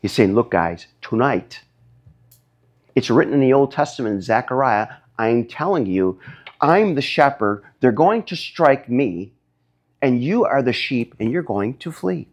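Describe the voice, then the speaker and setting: A man preaching a sermon, emphatic, his voice rising high when he gets stirred up. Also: sing-song, unhurried. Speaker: pastor.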